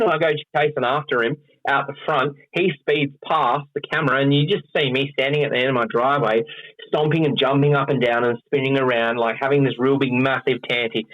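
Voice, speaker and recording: A man with an Australian accent, a pro wrestler, telling stories in a loose, animated way and swearing freely. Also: medium pitch, fairly quick. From Western Australia. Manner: animated, acts out quoted voices, swears freely. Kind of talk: casual storytelling. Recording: dull lo-fi sound.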